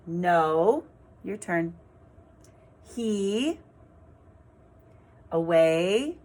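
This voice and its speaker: A woman teaches a reading lesson to small children, her voice low and her delivery very slow. She reads in a clear, sing-song way and spells words out letter by letter, like a patient classroom teacher.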